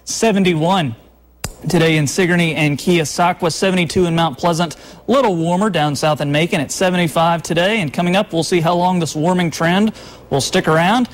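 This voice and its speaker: A man's voice: high-pitched, a little fast. Upbeat TV weatherman. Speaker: TV weather presenter. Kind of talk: local TV weather forecast.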